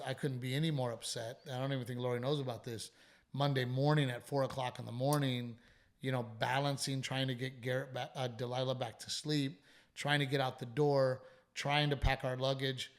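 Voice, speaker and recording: A man, hosting a comedy podcast, who tells stories animatedly and swears casually. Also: medium pitch. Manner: animated storytelling, frequent swearing, quick asides. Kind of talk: casual chat.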